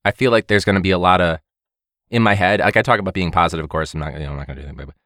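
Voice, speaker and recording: A man's voice: low voice, fairly even intonation, racing, fairly bright tone, no echo, clean studio sound. A man, a teacher, hosting a casual comedic monologue, rambling and joking and swearing often. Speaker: teacher and podcast host.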